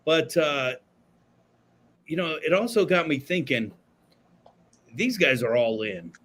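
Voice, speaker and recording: Cursing laid-back guy swapping stories on his show, voice on the higher side. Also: expressive, slow, fairly bright tone, slight background noise. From Florida. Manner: profane, storytelling, laid-back. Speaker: podcast co-host. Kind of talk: casual chat. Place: studio.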